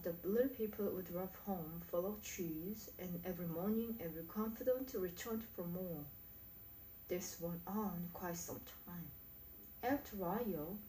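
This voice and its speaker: A woman with a Korean accent reading an English book aloud slowly and carefully, stumbling now and then. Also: mid-range voice, mellow, echoey room, a little hiss or hum, low-quality recording. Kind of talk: slow read-aloud practice of a book.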